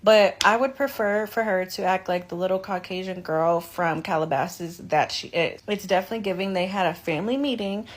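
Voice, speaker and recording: A woman's voice: mid-range voice, fairly quick, few pauses. Chatty sarcastic woman. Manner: chatty, sarcastic, says "babe". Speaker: social media commentator. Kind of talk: casual commentary vlog.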